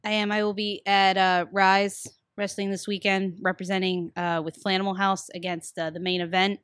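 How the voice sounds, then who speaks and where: A woman's voice: medium pitch, little pitch movement, normal speed, a bit bright, no echo, studio quality. A woman wrestler appearing as a podcast guest, talking plainly with a few fillers. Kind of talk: casual podcast chat.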